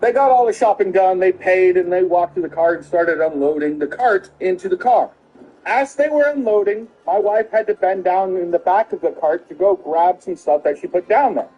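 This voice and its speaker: A middle-aged father telling a story casually, animated and laughing often, acting out the quotes. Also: high voice, moderate pace, highs cut off.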